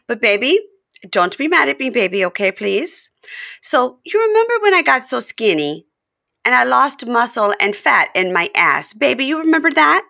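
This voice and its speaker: A woman's voice: on the high side, very animated, moderate pace, creaky, bright, forceful tone, pitched above the performer's own voice, full character voice. A woman voicing a demanding young wife on reality TV, coaxing and pleading in a sing-song way.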